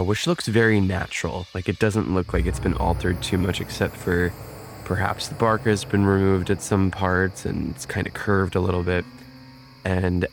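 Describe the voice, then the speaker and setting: A man playing a tabletop game, describing his wizard's spellcasting in a measured, drawn-out way. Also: sits low, a little hiss or hum. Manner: measured, drawn-out, in-character declarations. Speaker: player. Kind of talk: tabletop role-play narration.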